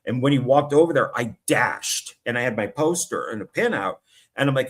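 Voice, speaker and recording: A middle-aged man chatting on a live stream, telling a long story with lots of rambling and quoted asides. His pitch swings widely, rising and falling as he acts out what people said. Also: expressive, normal speed. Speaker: co-host. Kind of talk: casual chat on a live stream.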